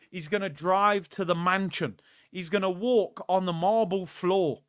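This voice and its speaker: A young man hosting a football watchalong livestream, reading out viewer comments and giving shout-outs in animated, slangy banter. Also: a little high, smooth, no echo, clean studio sound. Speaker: livestream host.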